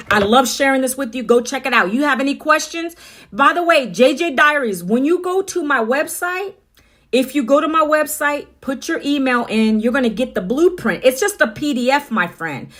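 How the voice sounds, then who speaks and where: A middle-aged woman chats with viewers on a phone livestream. Her voice sits high and her tone is upbeat. She speaks casually and keeps talking straight to the people watching. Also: fairly bright tone. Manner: chatty, upbeat, addresses viewers directly. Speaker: livestream host.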